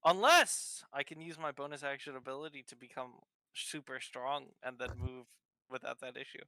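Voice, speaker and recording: Man, tabletop player, bright smooth voice, dry sound, joking, self-deprecating. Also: mid-range voice, moderate pace, dry recording, poor audio. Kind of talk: casual tabletop play.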